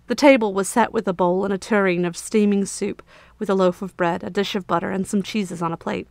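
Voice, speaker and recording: A woman's voice: mid-range voice, fairly even intonation, brisk, gravelly, few pauses, a little mellow, no room sound. Woman reading an audiobook. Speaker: storyteller. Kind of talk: audiobook narration.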